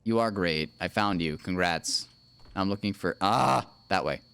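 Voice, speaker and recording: A deep, smooth male voice with vocal fry and a fairly bright tone, speaking a little slowly. He offers casual livestream commentary while gaming with his wife, joking around, narrating what he does and humming silly nonsense tunes.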